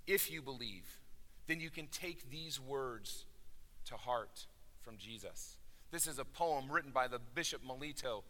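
Guy preaching a sermon, really bright sharp voice, big swings loud to hushed, echoey hall. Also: animated, unhurried. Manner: dramatic swings from loud declarations to hushed low endings. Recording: reverberant hall.

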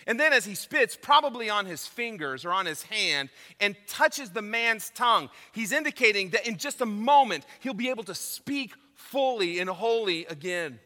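A male pastor with a high, bright, ringing voice delivers an emphatic sermon. He swings from hushed, intimate lines to loud declarations. The sound carries the long reverb of a large church hall. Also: lively intonation, normal speed, few pauses.

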